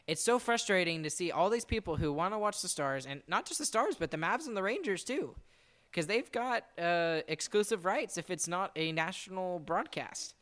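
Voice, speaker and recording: A man's voice: high-pitched, expressive, normal speed, fairly bright tone. A man hosting a casual sports podcast, rambling and exasperated, laughing now and then as he talks. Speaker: podcast host. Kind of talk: casual chat.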